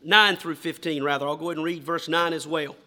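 High, piercing-voiced male preacher. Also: fairly even intonation, fast talker, sharp tone. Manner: emphatic preaching, asks the congregation questions. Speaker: pastor. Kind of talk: sermon.

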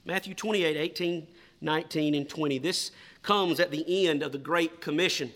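High-voiced, bright preacher man. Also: normal speed. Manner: preaching with dramatic swings from loud emphasis to hushed questions. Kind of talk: sermon. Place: church.

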